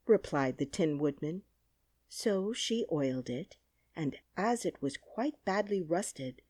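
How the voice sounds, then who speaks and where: Woman narrator, children's audiobook, lively pitch, husky mellow tone, dry close mic. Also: no room sound. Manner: expressive storytelling reading.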